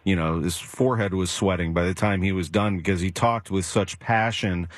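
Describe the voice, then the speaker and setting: A man's voice: low-pitched, steady tone, moderate pace, dry recording. A man hosting a radio talk show from the studio, enthusiastic and conversational, introducing segments and asking questions. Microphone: studio microphone.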